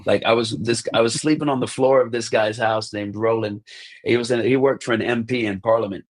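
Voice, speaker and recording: An American man in his thirties, a podcast guest telling casual stories, animated, acting out the lines of people in them and often saying "like" and "bro". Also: medium pitch, a little fast. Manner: animated, acts out quoted dialogue, says "like" and "bro" often. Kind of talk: casual storytelling.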